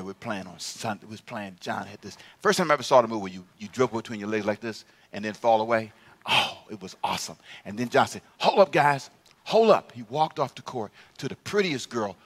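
A man preaching a sermon to a congregation, telling stories from his youth and calling out to the crowd, going from hushed musing to loud shouts. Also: on the low side, slightly rough. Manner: calls out to the congregation for responses.

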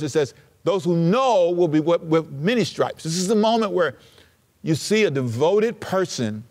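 A man preaching a sermon, slowing to read scripture and rising sharply in pitch for emphasis. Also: darkish tone, in a large hall. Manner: preaching with dramatic pauses and sudden rises in pitch; slows down to read scripture aloud. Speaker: pastor.

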